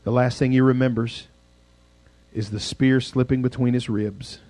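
A male pastor telling a dramatic story in a sermon, swinging from loud passages to hushed ones. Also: mid-range voice, steady tone, normal speed, no echo.

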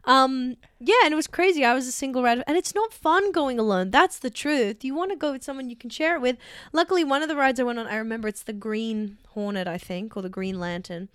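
Bright, lively Australian woman podcaster. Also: sits high, fast talker, clean tone, dry recording, clean studio sound. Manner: animated storyteller, laughs often. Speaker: podcast co-host. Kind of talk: casual chat.

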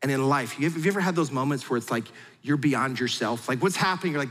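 A middle-aged male pastor preaching a sermon in a lively, conversational way, acting out quotes as he goes. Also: a little high, fairly quick, few pauses. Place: large church hall. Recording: long hall reverb.

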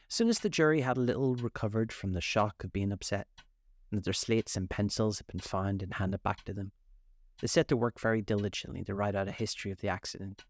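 Low-voiced man reading a storybook aloud. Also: dry recording. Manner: measured, expressive read-aloud. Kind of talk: scripted narration.

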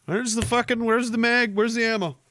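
A middle-aged man hosting a livestream podcast, reading chat messages aloud and riffing on them in a profane, mocking way with loud, shouted bits. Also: very high-pitched, fairly even intonation, brisk, dry recording, clean studio sound. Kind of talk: casual profane livestream banter.

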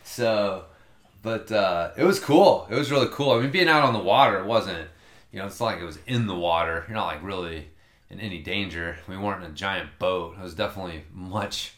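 A man's voice: low-pitched, brisk, fairly bright tone, reverberant. A man telling a long story in casual chat, rambling and swearing freely.

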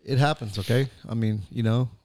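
A man's voice: mid-range voice, brisk, a little mellow, dry recording. A man co-hosting a casual radio show, drawling and repeating "I mean" as he teases his partner. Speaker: co-host.

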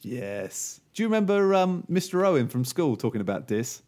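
A man's voice: a little high, big pitch swings, moderate pace, darkish tone. A man co-hosting a podcast in rambling, reminiscing casual chat, laughing easily. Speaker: podcast co-host.

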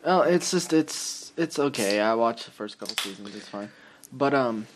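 A young man talks in loose podcast chat, wandering through his points with lots of "um" and trailing off, and swearing along the way. His voice sits at an average pitch for a man. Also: expressive, normal speed, background noise. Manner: rambling and profane, trails off with fillers. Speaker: podcast co-host. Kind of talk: casual chat.

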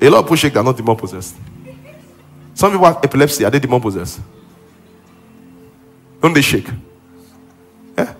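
Husky, animated male preacher. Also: medium pitch. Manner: animated preaching, rising to loud commands. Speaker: pastor. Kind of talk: sermon and deliverance prayer. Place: church auditorium.

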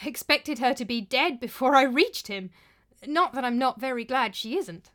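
A woman voicing a nervous young male chieftain who speaks loudly, his voice straining and breaking. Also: high-pitched, lively intonation, moderate pace, voice pushed up. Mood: puzzled.

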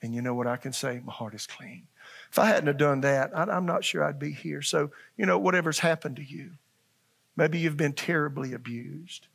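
A man's voice: a little high, normal speed, vocal fry, a bit bright, breathy edge. A man in his sixties preaching a sermon to a church congregation, folksy and earnest, repeating lines and checking in with his listeners. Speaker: pastor. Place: church sanctuary.

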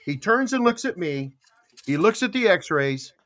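Speaking a little slowly, this older man's voice sits high, swings widely in pitch, and has a fairly bright tone. He's hosting a morning show on internet radio, casually recounting a long personal story and performing other people's lines.

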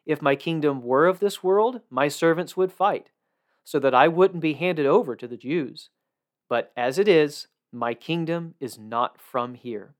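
A man reading as a calm, earnest prisoner. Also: fairly high pitch, measured pace, lightly acted. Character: calm male prisoner speaking of his kingdom.

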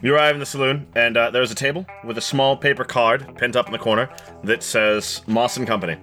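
A man's voice: mid-range voice, fairly even intonation, brisk, pushed and bright, soft background music. A man narrating as game master of a tabletop game, wry and a bit hesitant.

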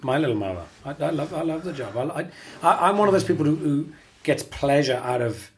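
A man's voice: a little high, expressive, fairly quick. A man, co-hosting a casual chat and laughing easily. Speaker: podcast co-host.

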